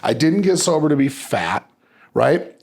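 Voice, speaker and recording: Animated male podcast host, salty storyteller. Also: fairly high pitch, measured pace, vocal fry, slightly rough. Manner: animated storyteller, swears freely, acts out quotes. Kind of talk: casual podcast conversation.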